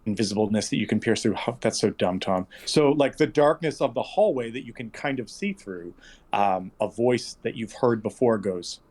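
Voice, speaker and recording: A man's voice: on the low side, normal speed, a little mellow. A man narrating as game master of a tabletop game, rambling and correcting himself with many fillers.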